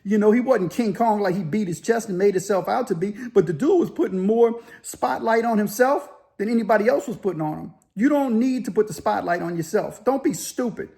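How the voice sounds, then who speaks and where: A man telling a story casually, loosely and with animated sound effects. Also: high-pitched, a little fast, gravelly, hardly any pauses. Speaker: storyteller, former inmate.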